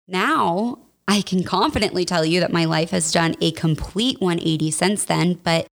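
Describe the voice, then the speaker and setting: A woman's voice: on the low side, vocal fry. A young woman hosting a podcast, talking candidly and casually, full of "like" and "y'all". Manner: chatty, candid, uses "like" and "y'all" a lot. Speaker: podcast host. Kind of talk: casual personal podcast talk.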